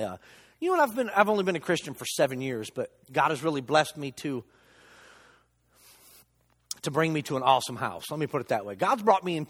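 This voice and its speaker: Lay preacher, male, husky voice, swings his pitch a lot, long church reverb. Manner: animated storytelling, acts out quotes. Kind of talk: sermon.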